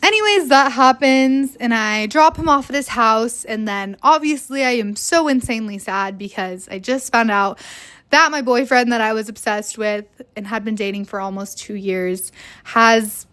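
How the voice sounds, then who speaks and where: Candid woman telling a story, higher voice. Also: normal speed. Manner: candid and animated, swears freely, acts out quotes. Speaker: podcast host. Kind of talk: casual storytelling monologue.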